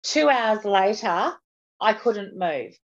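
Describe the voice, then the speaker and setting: A woman's voice: mid-range voice, animated, slow. A woman guest on a podcast, speaking openly and earnestly about her own hardships in a candid interview. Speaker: podcast guest, patient advocate. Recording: dull lo-fi audio.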